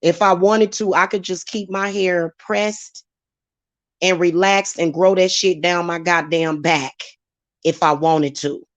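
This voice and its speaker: A woman's voice: lowish voice, fairly even intonation, takes it slowly, no echo. Profane, heated woman ranting at viewers. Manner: profane, heated, talking straight at commenters. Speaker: channel host and spiritual reader. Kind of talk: live-stream rant to viewers.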